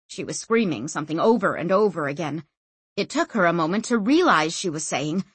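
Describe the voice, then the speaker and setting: A woman narrating a novel as an audiobook, expressive and acting out every figure. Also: lowish voice, fairly quick, husky, dry recording. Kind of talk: scripted narration.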